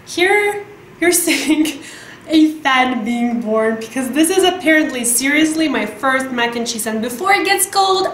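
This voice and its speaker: A high-voiced woman gushes over her cooking, often slipping toward a squeaky register as her excitement builds. She talks slowly and carefully to a camera set some way off, and her voice rings around a roomy kitchen. There is a faint background hiss under everything she says. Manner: gushing, excitable, breaks into squeaky voice. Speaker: cooking vlogger. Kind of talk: casual cooking vlog. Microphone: camera mic, some distance away.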